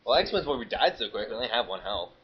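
A young man joking around while playing a horror game with friends, repeating gags and shouting when chased. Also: fairly low pitch, sing-song, very fast. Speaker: gamer. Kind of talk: casual group let's play. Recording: dull lo-fi mic with faint noise.

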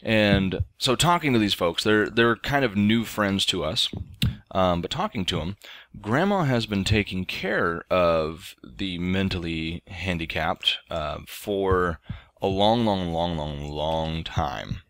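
A man in his thirties hosts a let's play, telling a casual story over the gameplay with lots of ums and restarts. His voice is low-pitched, a bit bright and slow, recorded with no room sound.

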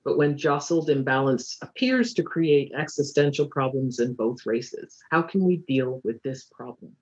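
Brief: male moderator, husky voice, muffled lo-fi video-call sound, calm delivery. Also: medium pitch, normal speed. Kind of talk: hosting a virtual talk. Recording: dull lo-fi call audio.

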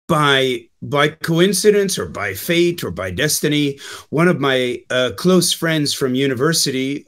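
A man's voice: medium pitch, fairly bright tone. A Canadian man talking casually as a guest on a call, with many fillers and restarts. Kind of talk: casual chat.

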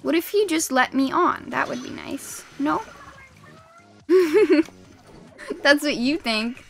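A young woman chatting casually while streaming a game, excitable and quick to laugh, with sudden shrieks at the game. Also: high voice, creaky, music in the background. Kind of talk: casual gaming stream chat.

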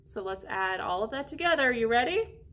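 A woman music teacher leading an online lesson for young children, talking slowly and encouragingly and singing short phrases with an instrument. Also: a little high, expressive.

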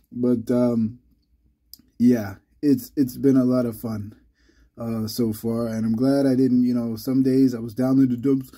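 Guy rambling to his subscribers, lots of stops and restarts, kinda husky, bit sick. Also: mid-range voice, fairly even intonation, mellow. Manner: rambling, halting, many restarts. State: a little under the weather. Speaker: channel host. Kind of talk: casual vlog talk.

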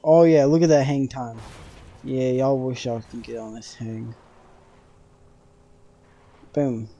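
A young man casually commenting on his gameplay for viewers, joking around and now and then bursting out in loud excitement. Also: medium pitch, takes it slowly, dull audio. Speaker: gaming streamer.

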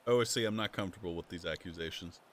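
A man's voice: low voice, rapid-fire. A man joking around with friends in casual chat while they play a golf game. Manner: goofy, wildly swinging delivery. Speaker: friend playing along.

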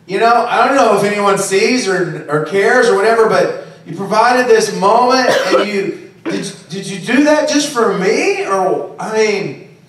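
This pastor has a high-pitched, somewhat bright voice and preaches expressively at an unhurried pace. His sermon is conversational, peppered with check-ins like "okay?" and "right?" Slight background noise is present, and the audio is very echoey and distant.

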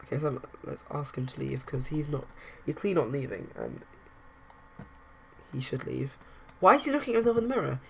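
A woman narrating her life-simulation game playthrough in rambling casual commentary, with bursts of excited outrage. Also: very deep voice, fairly quick, gravelly, slight background noise. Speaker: let's play narrator.

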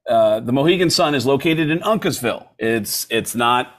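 A man casually telling a story with animated delivery. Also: moderate pace. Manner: animated, swings his pitch widely while telling a story.

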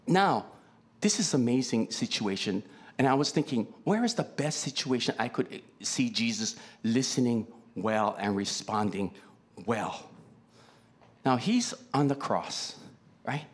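Man preaching with lively pitch. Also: measured pace. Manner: conversational, asks the congregation many questions. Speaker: pastor. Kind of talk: sermon. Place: church.

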